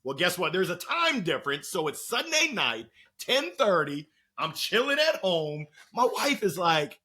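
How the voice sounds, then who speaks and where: A man with a husky, somewhat raised voice tells stories on a podcast, swinging his pitch widely as he goes. He talks like a motivational speaker and slips into playful impressions of the people he quotes. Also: very animated, normal speed, few pauses, pushed and bright. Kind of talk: energetic storytelling conversation.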